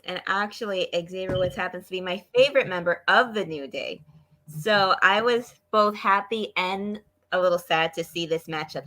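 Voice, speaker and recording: A woman co-hosting a casual wrestling review show, giving measured opinions. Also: fairly low pitch, a bit bright. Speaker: co-host.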